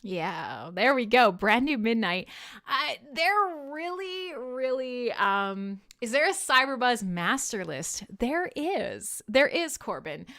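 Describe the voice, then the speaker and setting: A woman's voice: fairly high pitch, big pitch swings, takes it slowly, sharp tone. A woman hosting her own music livestream, chatting casually to viewers in a rambling, self-deprecating way, with casual swearing and frequent laughs. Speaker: livestream radio host.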